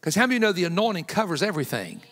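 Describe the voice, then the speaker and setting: A man in his fifties, a guest evangelist preaching a sermon with folksy, joking personal stories that build to loud emphatic peaks. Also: sits high, huge pitch swings, racing. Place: church sanctuary. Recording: long hall reverb in a church.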